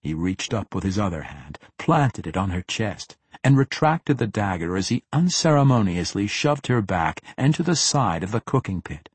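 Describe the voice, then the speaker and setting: A man narrates a fantasy audiobook in a steady, dramatic reading. His voice sits low and sounds husky. The recording is dry and close. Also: moderate pace, few pauses, no echo.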